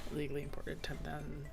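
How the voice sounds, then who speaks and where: A woman's voice: low-pitched, vocal fry. A young woman streaming while she draws, chatting casually in a rambling way and laughing often. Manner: giggly, rambling, frequent laughter. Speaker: streamer and artist. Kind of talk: casual chat while drawing. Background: faint background music.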